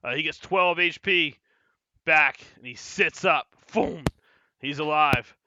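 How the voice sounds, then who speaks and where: A man runs a tabletop game in a loose, excitable, rambling way, with a high, very bright and smooth voice. The sound is dry and dull, like a lo-fi recording. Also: slow pace. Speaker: game master.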